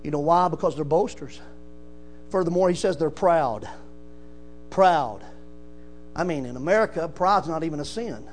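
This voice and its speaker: A man's voice: fairly high pitch, moderate pace, long pauses. A man preaching a sermon, emphatic and rising, calling out "amen" often. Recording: mains hum.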